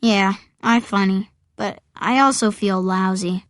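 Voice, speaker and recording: A woman's voice: mid-range voice, measured pace, no room sound, studio quality. A woman reading a first-person audiobook in a wry, conversational storytelling manner. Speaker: audiobook narrator.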